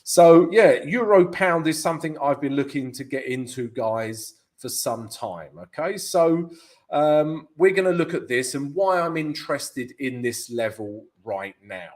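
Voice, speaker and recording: A man's voice: on the high side, lively intonation, unhurried. Chatty London man hosting a trading stream. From United Kingdom. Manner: chatty, keeps calling viewers "guys". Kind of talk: live market analysis and viewer Q&A.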